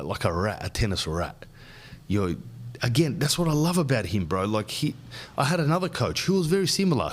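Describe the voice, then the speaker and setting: An Australian man hosting a podcast, talking in a loose, slangy, animated way and calling the listener "bro.". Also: mid-range voice. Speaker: podcast host. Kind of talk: casual rambling monologue.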